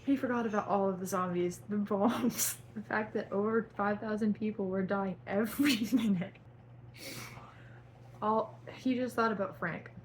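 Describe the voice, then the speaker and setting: A young woman with a mid-range voice reads her own fan fiction aloud at a moderate pace in a melodramatic voice, stopping to cringe at the writing. The recording is rough, with slight background noise.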